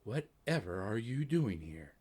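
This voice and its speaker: A man voicing a soft, ghostly woman in an orb. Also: fairly low pitch, big pitch swings, moderate pace. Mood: scolding. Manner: soft, gently scolding. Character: ghostly woman's face in an orb, gently scolding.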